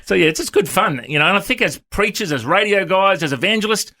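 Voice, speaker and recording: A man with an Australian accent, a pastor chatting on a radio studio show in a jokey, animated way, laughing often. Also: high voice, fast. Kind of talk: casual radio chat.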